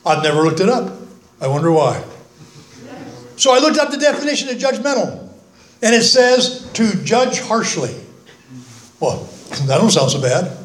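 Older man, high voice, folksy. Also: sing-song, normal speed, long pauses. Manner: folksy, earnest, self-mocking humor. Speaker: recovery meeting speaker. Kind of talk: speaker talk at a recovery meeting. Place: meeting room, speaking from the front. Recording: echoey meeting room.

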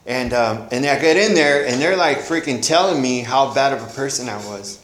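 A man's voice: medium pitch, animated, moderate pace, fairly bright tone. Middle-aged man, blunt recovery-meeting testimony, lots of "you know", roomy echo, faint hiss. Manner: candid, rambling, frequent "you know", swearing. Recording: echoey room, faint noise.

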